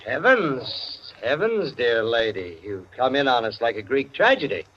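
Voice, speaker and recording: An actor playing a jovial gentleman dinner guest with florid exclamations, in 1940s radio drama acting. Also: mid-range voice, very animated, a little slow, breathy edge, full character voice. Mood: theatrical. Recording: muffled lo-fi old radio broadcast.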